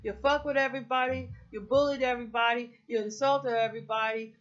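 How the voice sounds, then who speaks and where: A woman's voice: on the high side, fairly even intonation, fast talker, a bit bright. Woman, middle-aged, casual heated rant, swears constantly, rambles, muffled lo-fi recording. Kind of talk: casual political rant to camera.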